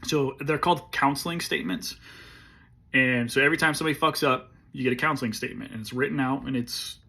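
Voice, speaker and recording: A husky-voiced army veteran in his forties tells a war story in a relaxed, conversational way. His pitch sits in a mid range. He swears constantly and often pauses to clear his throat. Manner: profane, laid-back, clears throat often. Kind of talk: casual storytelling.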